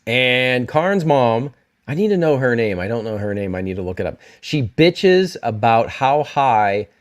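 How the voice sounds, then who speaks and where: A man's voice: medium pitch, expressive, measured pace. A man hosting a casual livestream, talking about TV episodes in a rambling, self-correcting way and reacting to viewers in the chat. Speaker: YouTube host reviewing TV shows.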